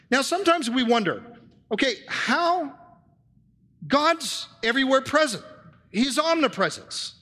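High bright-voiced man preaching. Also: sing-song, unhurried, pauses often, long reverb tail. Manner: earnest teaching tone, rhetorical questions to the congregation. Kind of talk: sermon. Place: church with handouts for listeners.

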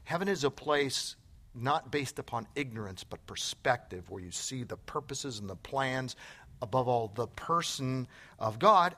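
A man's voice: mid-range voice, animated, a little slow, fairly bright tone. A man giving an earnest, emphatic sermon on a church stage, often quoting scripture, then answering questions. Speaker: Bible teacher. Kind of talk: sermon then onstage conversation.

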